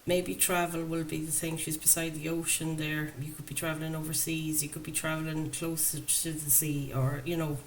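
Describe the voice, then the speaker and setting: A woman's voice: sits low, level tone, moderate pace, few pauses, poor audio. A woman doing a chatty, enthusiastic tarot reading, talking to her viewers. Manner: enthusiastic, chatty, laughs often. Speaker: tarot reader. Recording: faint background noise.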